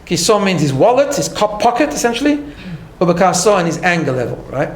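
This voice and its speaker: A man's voice: high-pitched, very animated, fairly quick. Earnest male teacher in an echoey room. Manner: earnest, explains step by step, tags lines with "right?". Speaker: class teacher. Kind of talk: recorded class lecture.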